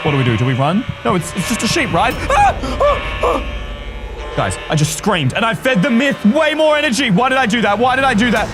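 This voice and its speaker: A man giving live gameplay commentary as a gaming video creator, excitable and jumpy, often breaking into screams and exclamations. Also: high voice, fast, few pauses. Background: background music.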